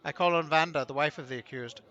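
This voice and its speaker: A man's voice: on the high side, quick pace, bright, forceful tone, muffled recording. A man voicing a smug, scheming male prosecutor in a video game, pompous and sneering.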